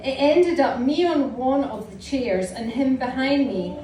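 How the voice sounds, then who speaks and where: This Scottish woman in her forties has a high-sitting, dark-toned voice and speaks a little slowly as she shares entries from her teenage diary. She tells it with wry amusement to a live crowd in a small indoor venue, captured on a distant mic that picks up the room and the audience.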